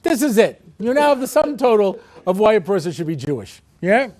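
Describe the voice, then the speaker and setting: A man in his sixties giving a humorous lecture as a rabbi, telling wry, animated stories with comic voices. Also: high-pitched, brisk.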